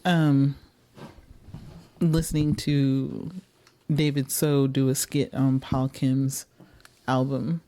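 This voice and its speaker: A woman's voice: rumbling low, level tone, slow, long pauses, mellow. A woman co-hosting a podcast in casual chat, laughing often and restarting her sentences. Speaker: podcast co-host.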